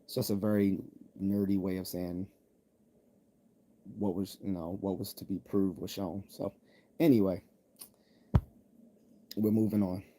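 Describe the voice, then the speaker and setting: A man's voice: low-pitched, flat delivery, unhurried, long pauses, dark tone. A man from the United States hosting a live stream, reading viewer chat aloud and answering bluntly with jokes and laughs. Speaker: livestream host reading chat.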